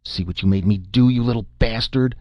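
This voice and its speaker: A drunken miner father with a snarling growl, as a male narrator puts him on in a storybook reading. The voice is low and gravelly, with a loud, hostile edge. The recording is dull and lo-fi. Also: animated, measured pace, no echo. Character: drunken brutal miner father, middle-aged man.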